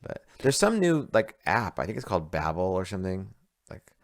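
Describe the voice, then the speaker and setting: A man with a notably deep, low voice co-hosting a podcast. He tells rambling stories in casual chat, circling back and restarting his sentences as he goes. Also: big pitch swings, normal speed, vocal fry. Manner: rambling, storytelling, many fillers and restarts. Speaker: podcast co-host.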